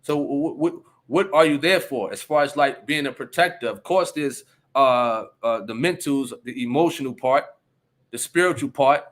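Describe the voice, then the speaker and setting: On a casual commentary stream, an adult man reads viewer comments aloud and reacts emphatically, often checking in with listeners and repeating "you understand?" His mid-range voice is a bit bright and moves at a moderate pace.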